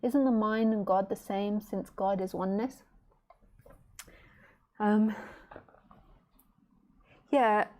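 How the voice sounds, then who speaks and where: A middle-aged woman teacher giving a casual online talk from home, chatty and warm with her listeners, laughing easily. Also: medium pitch, slow, pauses often. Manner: chatty, laughing, baby-talks to her pet. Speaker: spiritual teacher.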